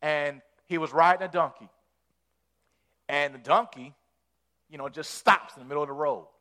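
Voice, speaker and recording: Animated, folksy male preacher. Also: on the high side, normal speed. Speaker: pastor. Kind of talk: sermon.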